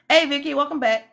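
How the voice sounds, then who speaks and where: A woman's voice: high-pitched, a bit bright. A woman hosting a casual livestream, chatting loosely and greeting viewers by name. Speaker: livestream host.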